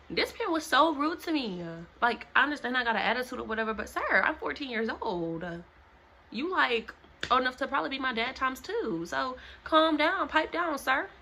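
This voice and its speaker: Bright-voiced young woman telling a story. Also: medium pitch, slight background noise. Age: young adult. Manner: animated, dramatic retelling that acts out other people's lines. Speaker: vlogger. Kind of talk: casual storytime to camera. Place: home.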